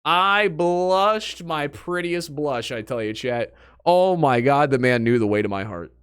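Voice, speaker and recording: A young man streaming, chatting casually with his viewers and telling animated stories from a trip. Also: on the high side, measured pace, clean tone. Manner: animated storytelling, talks to chat.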